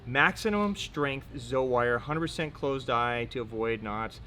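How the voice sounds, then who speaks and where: A man's voice: medium pitch, a little slow, bright, forceful tone, slight background noise. A man hosting a casual product rundown indoors, upbeat and joking, swearing casually now and then. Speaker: host. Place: indoor room.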